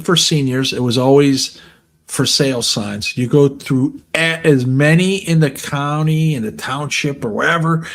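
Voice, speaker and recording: A man telling a crude school story in casual chat, swearing freely and acting out the other voices. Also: mid-range voice. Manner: crude, swearing, animated retelling with quoted voices.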